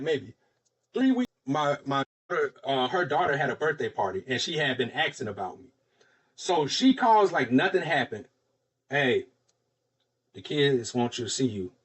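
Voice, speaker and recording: Husky man telling a story. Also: a little high. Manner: animated, acts out quoted voices. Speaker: podcast host. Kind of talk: casual storytelling.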